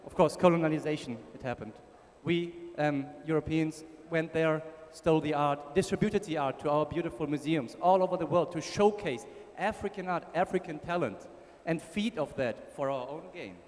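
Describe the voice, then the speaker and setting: A man's voice: fairly high pitch, normal speed, hardly any pauses, darkish tone. A man with a German accent giving a casual conference talk, joking with the audience. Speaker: conference speaker. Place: conference ballroom. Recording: long hall reverb.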